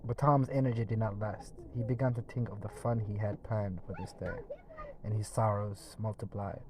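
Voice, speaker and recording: A man reading a classic novel aloud in a steady storytelling manner, with occasional small restarts. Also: fairly low pitch, moderate pace, noisy background. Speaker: audiobook reader.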